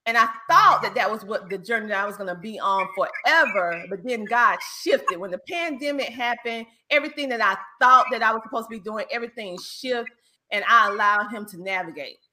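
A woman from South Carolina with a Southern accent, a business coach chatting as a guest on a show and laughing often. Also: mid-range voice. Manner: animated, laughs often, drawn-out Southern speech. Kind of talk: casual interview chat.

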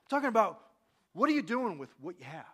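High-pitched guy preaching to a church crowd, reads the bible bits big and dramatic, asks the room questions. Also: big pitch swings, fast talker, slightly rough. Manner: dramatic scripture reading with sudden loud peaks. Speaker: pastor. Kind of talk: sermon. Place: church hall with a congregation.

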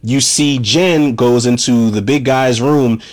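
A man's voice: mid-range voice, fairly even intonation, slow, a little mellow. A man recapping a horror movie in a casual, profane way, ranting with feeling and calling his listeners "people". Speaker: movie reviewer.

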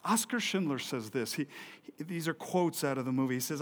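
A man preaching a sermon with passion, swinging from loud, emphatic peaks to low, quiet stretches. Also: lively intonation, brisk. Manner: impassioned preaching, rising loud for emphasis and dropping low and soft. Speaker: pastor. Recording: long hall reverb.

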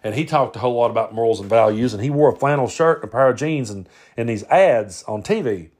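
A man's voice: mid-range voice, animated, fast talker, darkish tone, husky. A middle-aged man from Tennessee with a Southern accent, hosting a podcast and telling a personal story in a folksy, plainspoken way with frequent restarts. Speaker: podcast host.

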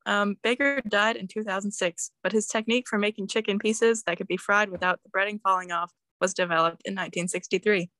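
A woman's voice: mid-range voice, steady tone, a little fast, few pauses, bright, forceful tone, dry recording. A young woman, a podcast guest, chatting casually and giggling while speaking into her phone. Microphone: phone held up to her face.

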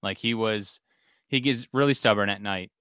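A man in his thirties with a lowish, bright and very clear voice, chatting casually as a podcast co-host. He tells family stories animatedly and laughs a lot. The sound is dry and close. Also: normal speed, no room sound. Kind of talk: casual chat.

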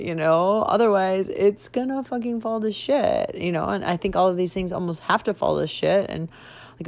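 Low-voiced outraged woman podcaster. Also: a little mellow. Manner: heavy swearing, frequent "like" fillers; agitated and outraged. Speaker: podcast host. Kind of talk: casual monologue.

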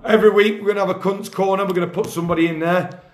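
High-voiced sweary man ranting. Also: steady tone, rapid-fire, roomy sound. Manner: angry, sweary, rants loudly. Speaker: podcast host, grassroots football coach. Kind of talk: sweary casual rant. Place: kitchen.

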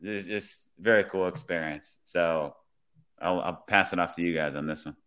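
A man, a police officer, telling a work story in a relaxed, conversational way. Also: low voice, normal speed, clean tone. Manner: relaxed, conversational, many "I was like" retellings. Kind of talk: casual storytelling.

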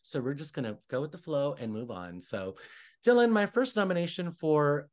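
A man's voice: on the high side, moderate pace. A young adult man hosting a podcast in casual, gossipy chat, bouncing between opinions and acted-out quotes. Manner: animated, gossipy, acts out quotes. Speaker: podcast host.

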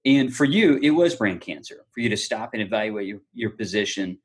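Husky male host, thoughtful and affirming. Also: lowish voice, animated, a little fast. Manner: thoughtful, affirming, building on the guest's point. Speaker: podcast host. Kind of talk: reflective conversational interview.

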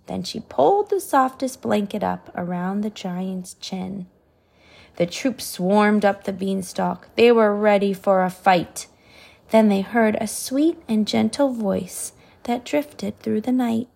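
Woman reading a bedtime picture book to a child; unhurried, husky, slightly high. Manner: slow, soft storytelling with whispered asides. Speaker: parent reading aloud.

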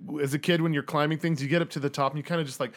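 A man's voice: on the high side, fairly even intonation, very fast. A man running a tabletop game as game master, narrating casually with lots of fillers and laughter.

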